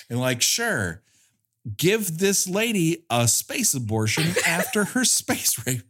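A man hosting a podcast, recapping a bad movie with sarcastic, profane jokes and quick acted-out quotes. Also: fairly high pitch, sing-song, fairly bright tone. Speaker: podcast co-host.

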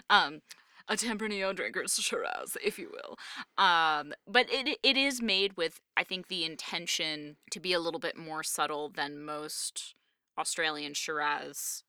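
Bright, smooth-voiced woman podcast co-host. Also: deep voice, unhurried, dry recording, studio quality. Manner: chatty and digressive, with many fillers. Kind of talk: casual chat.

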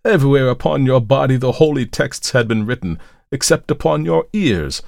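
A distraught old priest, anguished and full of remorse, cries out in a raised, strained voice, as a hoarse storyteller puts him on. His tone is pitched well above the narration, with a dry, close sound. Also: expressive, fairly quick, no echo. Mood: remorseful.

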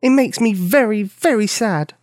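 A man voicing a brave, stubborn young village girl in a storybook reading, high and earnest. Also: moderate pace, darkish tone, no echo, studio quality, close to an everyday voice. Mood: angry.

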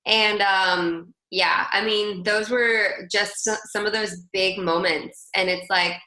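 Bright-voiced woman in a roomy space. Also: medium pitch, fairly even intonation, takes it slowly. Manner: chatty, lots of "like" and "girl". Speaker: guest, country singer. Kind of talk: casual conversational storytelling. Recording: roomy echo.

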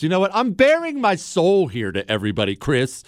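A man's voice: mid-range voice, wildly swooping pitch, fairly quick, dry recording. A man hosting a talk radio show, speaking in a sarcastic, joking monologue and bantering with his producer at a studio microphone.

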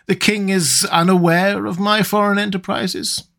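A quick-tongued, scheming nobleman, as a male reader puts him on. He hurls his accusations in a raised, lifted pitch that sits well above the narrator's own voice. It is a plain storybook rendering of a character. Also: level tone, creaky, a bit bright. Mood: urgent. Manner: heated, accusing, higher than the narration. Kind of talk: audiobook character reading.

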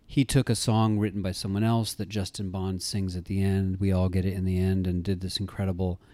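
A middle-aged man in a casual interview, telling stories in an animated way and acting out the people he quotes. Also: deep voice, fairly quick, dry recording. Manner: animated storyteller, acts out quoted voices. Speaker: interview guest, actor-writer-director.

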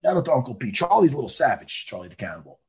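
A man co-hosting a casual chat, animated and profane, slipping into impressions. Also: mid-range voice, rapid-fire, husky. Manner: animated, swearing, doing impressions. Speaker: podcast co-host.

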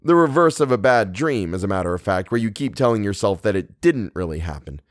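A man's voice: on the low side, lively intonation, a little fast, no room sound, clean studio sound, close to an everyday voice. Man voicing a jaunty joking young man. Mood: cheerful. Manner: bright, easygoing.

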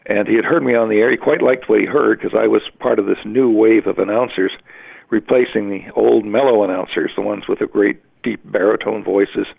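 Gravelly older man on a tinny line. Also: on the low side, steady tone. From Western Canada. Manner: rambling, halting storytelling with many restarts. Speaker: interviewee, veteran radio announcer. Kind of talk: oral history interview. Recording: phone-like narrow sound.

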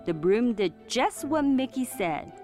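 Woman storybook reader, high and sing-song, unhurried, clear diction. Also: faint music behind. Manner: expressive, clearly enunciated reading. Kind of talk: children's storybook read-aloud.

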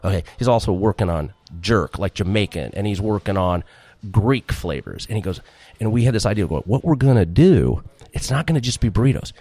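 Animated, rambling middle-aged man, lowish voice. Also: brisk, no room sound. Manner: animated, rambling, acts out quotes, laughs often. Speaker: restaurant owner, guest. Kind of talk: casual storytelling interview.

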